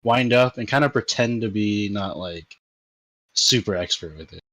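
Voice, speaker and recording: A man's voice: lowish voice, normal speed, fairly bright tone, dry recording, rough recording. A man playing a tabletop role-playing game, asking casual, hesitant questions. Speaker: player.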